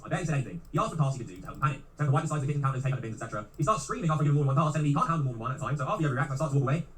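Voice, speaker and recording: A man's voice: fairly high pitch, fairly bright tone. A man, a commentary YouTuber, reading messages aloud and commenting bluntly and matter-of-factly. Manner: rapid, blunt, matter-of-fact.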